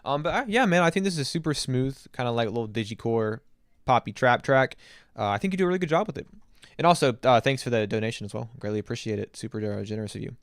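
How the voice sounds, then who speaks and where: A man's voice: mid-range voice, fast talker, dry recording, clean studio sound. A man casually reviewing a submitted track on a livestream, giving thoughtful and encouraging feedback. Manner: thoughtful, encouraging critique with casual filler words. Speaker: music review streamer.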